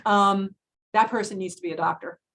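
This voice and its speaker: A woman in her sixties, a physician talking casually with pre-med students in a frank, chatty way, with many fillers and lively storytelling. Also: medium pitch, brisk, low-quality recording. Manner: frank and emphatic advice. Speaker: physician and director of student health.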